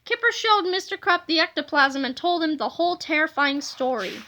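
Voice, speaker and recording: Lady reading a kids book out loud, high voice, lively. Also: normal speed, slight background noise. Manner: animated storybook reading. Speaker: reader. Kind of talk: reading a children's book aloud.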